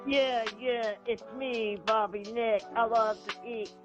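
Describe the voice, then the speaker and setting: A man's voice: very high voice, steady tone, slow, dull audio. A man playing a crude, goofy avocado lover in a sing-song novelty song over music. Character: crude silly avocado-loving man singing a jingle.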